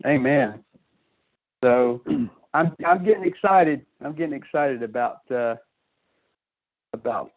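A man telling a rambling, laughing story in a casual chat on a community call. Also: on the high side. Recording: dull lo-fi call audio.

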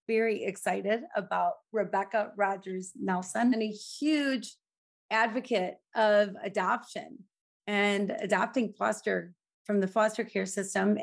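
Woman co-host, effusive and emotional, casual interview chat. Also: medium pitch.

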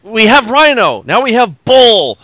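Co-host, blunt and profane, sharp bright voice, dry close sound. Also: male voice, very high voice, sing-song, measured pace, no echo. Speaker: podcast co-host. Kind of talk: casual chat.

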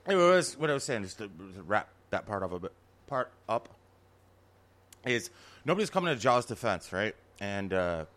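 Low-voiced man in casual rambling chat. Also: sing-song, fairly quick, fairly bright tone. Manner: rambling, trails off and restarts, steers back to his point. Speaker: podcast co-host.

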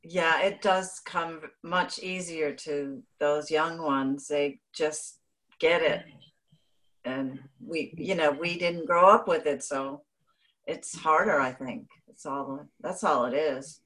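Lower-voiced middle-aged woman chiming in. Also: takes it slowly. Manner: relaxed, chiming in with short agreements. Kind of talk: casual group call chat.

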